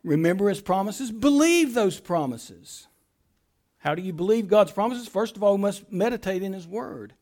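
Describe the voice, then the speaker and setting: High-voiced man preaching a sermon. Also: expressive, normal speed. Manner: preaching with big swings between loud and soft; repeats phrases for emphasis, some stammered restarts. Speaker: pastor.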